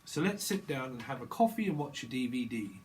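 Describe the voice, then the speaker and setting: A man's voice: mid-range voice, very animated, a little fast, slight background noise. A man doing a casual tarot reading, rambling in playful free association and repeating words in sing-song runs. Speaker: tarot reader.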